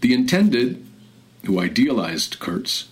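A radio host reading and discussing literature in a measured, reflective way, slowing and softening for quoted passages. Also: male voice, medium pitch, very animated, low-quality recording. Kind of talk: literary commentary and reading aloud.

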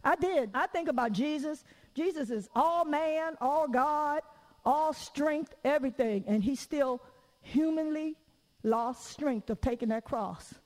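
A woman preacher giving a lively, conversational sermon in church. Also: high-pitched, unhurried, in a large hall, low-quality recording. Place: church during a service.

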